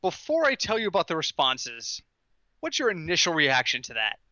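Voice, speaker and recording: Bright-voiced man telling sports stories. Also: fairly high pitch, normal speed, no echo, dull audio. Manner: animated storytelling, laughing through his lines. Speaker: podcast co-host. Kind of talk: casual podcast chat.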